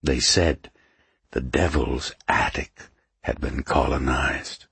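A suspicious, grim-edged leader of the underground, speaking in a silky hiss, as a male audiobook narrator voices him. His voice sits higher than the narrator's own, husky and slow. The delivery is dry and close, an audiobook character. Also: very animated, no room sound, heavily acted. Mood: hushed. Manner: silky hissing voice.

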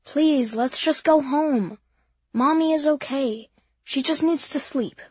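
A woman's voice: high-pitched, slow, darkish tone, no echo. A woman doing a weary, tired father. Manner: tired, subdued, pleading. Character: weary, worn-out father, low and quiet. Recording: dull dry lo-fi.

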